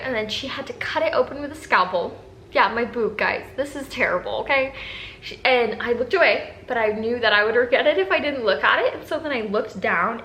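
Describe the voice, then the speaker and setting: A woman's voice: on the high side, fairly bright tone. A young adult woman candidly telling viewers a personal story in casual talk. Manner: candid, emotional, addresses viewers as guys. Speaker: vlogger telling her breastfeeding story. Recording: echoey room with faint background noise.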